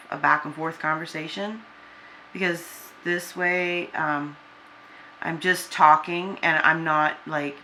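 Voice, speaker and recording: A woman in her forties talking to a camera, venting in a halting, downcast way with many restarts. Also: sits low, pushed and bright, a little hiss or hum. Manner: subdued and downcast. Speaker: vlogger. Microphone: camera with a person filming.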